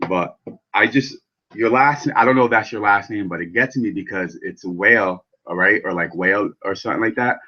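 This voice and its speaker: A man with a fairly low voice hosts his own vaping channel, chatting loosely with viewers. He rambles from one thought to the next and swears freely. The sound is muffled and lo-fi. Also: a little fast, bright, forceful tone. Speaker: vape channel host. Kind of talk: casual live chat while building coils.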